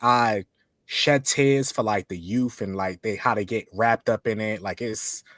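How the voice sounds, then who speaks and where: A man talking as a podcast guest in casual chat, halting with many restarts and fillers. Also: lowish voice, steady tone, fairly bright tone, dry recording.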